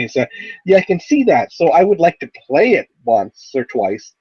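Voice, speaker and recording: A man's voice: medium pitch, husky, no echo, muffled recording. A man chatting easygoing as a guest, laughing lightly between points. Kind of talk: casual chat.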